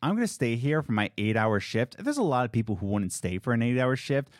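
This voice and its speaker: A man tells a work story in a loose, chatty way, his pitch swinging widely as he acts out the people in it. He leans into sarcasm. The sound is dry and close, with no room around it. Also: brisk, no echo. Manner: animated, sarcastic, quotes people in put-on voices. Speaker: restaurant worker telling a story. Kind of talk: casual storytelling chat.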